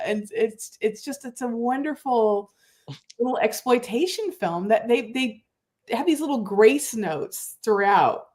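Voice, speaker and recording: A woman co-hosting a movie podcast, recapping a film in an animated, chatty way. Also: fairly high pitch, unhurried. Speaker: podcast co-host. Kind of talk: casual movie discussion.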